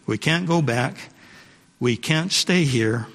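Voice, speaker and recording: A man's voice: mid-range voice, expressive, slow, fairly bright tone. A male pastor preaching a sermon, repeating his points and calling out to the congregation. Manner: preachy, repeats phrases for emphasis, calls to the congregation. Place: church sanctuary. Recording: long hall reverb.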